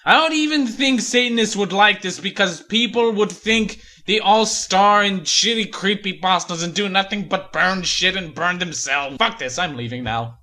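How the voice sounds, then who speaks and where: A man's voice: high-pitched, moderate pace, few pauses, sharp tone. A man reading and mocking a horror story in a sarcastic, profane comedic rant. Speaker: creepypasta reviewer. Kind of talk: comedic creepypasta reading and review.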